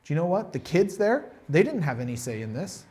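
A man's voice: fairly high pitch, brisk. A man preaching a sermon in a conversational way, acting out the people he quotes. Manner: conversational, animated, acts out quotes. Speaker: pastor.

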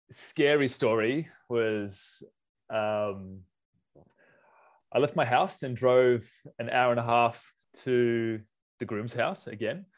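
Man, wedding photographer, lively anecdotes, casual interview guest, mid-pitched voice. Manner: animated, acts out quotes in raised voice. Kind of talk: casual storytelling.

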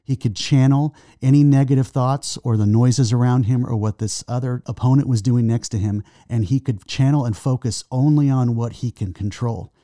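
A man's voice: mid-range voice, warm tone, no echo, clean studio sound. A man co-hosting a faith talk show, adding everyday illustrations and recapping the main points. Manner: recaps points and draws sports illustrations, quick asides. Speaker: co-host.

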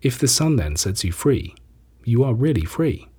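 A man reading scripture, giving Jesus's lines in a measured, solemn way. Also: mid-range voice, sing-song, warm tone, slightly rough. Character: Jesus, a calm, authoritative teacher, adult man.

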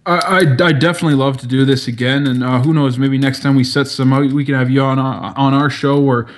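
A young man with a clear Canadian accent talks casually as a podcast guest. He swears freely and jokes around in an easygoing way. His voice sits at an ordinary middle pitch. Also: steady tone, fast talker. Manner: swears freely, loose and joking. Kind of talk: casual chat.

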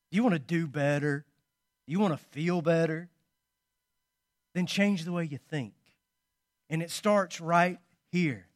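A man preaching a sermon, telling stories and swinging between loud emphasis and quiet asides. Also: a little high, no echo, clean studio sound. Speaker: pastor.

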